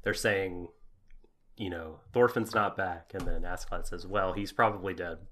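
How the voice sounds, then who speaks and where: A man's voice: deep voice, flat delivery, normal speed, a bit bright. A man co-hosting a casual podcast, rambling and breaking into giggles. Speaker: podcast co-host.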